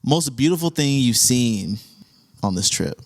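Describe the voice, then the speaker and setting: A man's voice: medium pitch, a little slow. Laughing young man hosting a chat. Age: young adult. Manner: animated storyteller, laughs often, goes on tangents. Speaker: podcast host. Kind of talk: casual chat.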